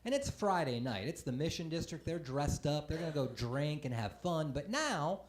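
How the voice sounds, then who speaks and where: A stand-up comedian in his forties telling a self-deprecating story on a comedy club stage, breaking into sudden loud outbursts. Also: on the high side, animated, normal speed. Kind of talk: live stand-up set. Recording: roomy live club sound. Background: audience laughter.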